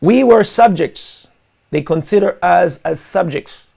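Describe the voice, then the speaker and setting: Gravelly, high-pitched impassioned male host. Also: slow. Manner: forceful, repetitive, addresses listeners as guys. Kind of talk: impassioned monologue to an online audience.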